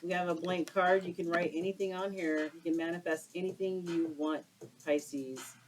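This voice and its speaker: A woman's voice: lowish voice, steady tone, normal speed, background noise. A woman doing a casual tarot card reading for her viewers, exclaiming and using slang as she turns the cards. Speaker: tarot reader.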